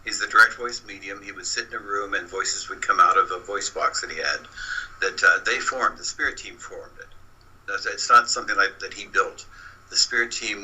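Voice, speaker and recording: Husky, bright-toned man explaining patiently. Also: lowish voice, low-quality recording. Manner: explaining patiently, with frequent backchannels. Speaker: guest researcher. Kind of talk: explanatory interview talk.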